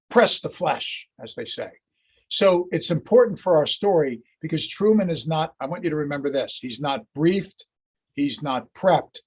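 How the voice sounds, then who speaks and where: A man lectures on history in a storytelling way and acts out the quotes. His voice is husky and a little higher than most men's. He talks to an audience.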